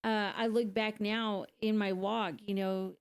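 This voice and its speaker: A woman's voice: medium pitch, little pitch movement, unhurried, clean tone. A woman, a single mother, telling her own story in a candid, conversational way, with frequent laughs and fillers. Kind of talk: casual personal testimony.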